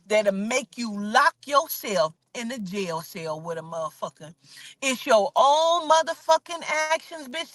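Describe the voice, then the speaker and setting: A woman's voice: a little high, bright, forceful tone, no echo. Blunt, foul-mouthed woman telling stories. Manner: profane, blunt, preachy. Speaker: storyteller and spiritual reader. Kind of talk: casual storytelling.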